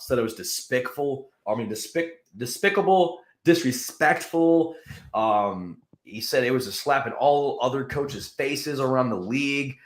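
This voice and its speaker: A man's voice: mid-range voice, a bit bright. A man hosting a casual sports chat, rambling with lots of fillers and restarts. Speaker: podcast host. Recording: echoey room.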